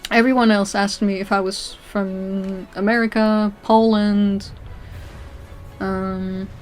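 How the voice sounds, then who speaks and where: Young female streamer from Portugal, chatty and easygoing, middle pitch, soft music behind. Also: level tone, slow. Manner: chatty, answering chat, often laughing and trailing off. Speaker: live streamer. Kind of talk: casual chat while playing a video game.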